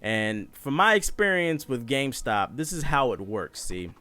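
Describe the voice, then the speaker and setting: Animated young man telling a profane story. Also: medium pitch, moderate pace. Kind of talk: casual comedic storytelling.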